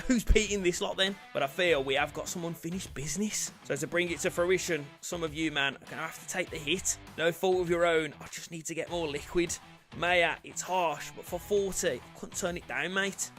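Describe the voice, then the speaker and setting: A man commentating his football video game career with loud outbursts and cheeky banter. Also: fairly high pitch. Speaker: gaming YouTuber.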